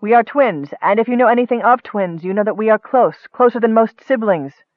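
A man voicing a proud, defiant young woman who is a swordswoman, speaking forcefully. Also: sits high, brisk, no echo, pitched above the performer's own voice, lightly acted. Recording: tinny phone-like dry sound.

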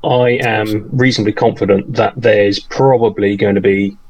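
A man co-hosting a casual podcast, talking in a halting way that repeats words, with polite, formal phrasing. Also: on the low side, steady tone, highs cut off. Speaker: podcast co-host and charity tournament organiser.

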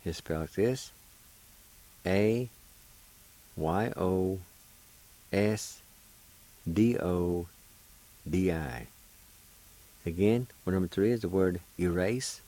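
Speaking extremely slowly with long pauses, a man with a low, dark voice hosts a radio language lesson, patiently breaking words into syllables to spell and pronounce them. This teacher and radio host closes with encouragement, though the audio quality is poor.

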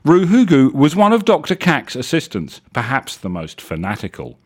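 Lively man reading a story. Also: medium pitch, moderate pace. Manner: lively, wry, self-correcting. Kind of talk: reading a comic story aloud on a live show.

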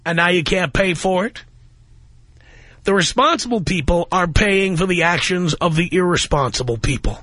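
A man's voice: high-pitched, lively intonation, normal speed, bright, forceful tone, no room sound. A man hosting a talk radio show, ranting in an angry, emphatic way from a studio microphone.

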